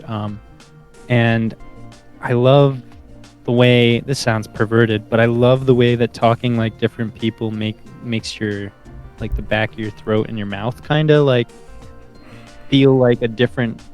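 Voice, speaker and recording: A man's voice: medium pitch, steady tone, measured pace, darkish tone, faint music behind. A man as a musician guest on a podcast, chatting casually in a wry, jokey way. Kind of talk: casual chat.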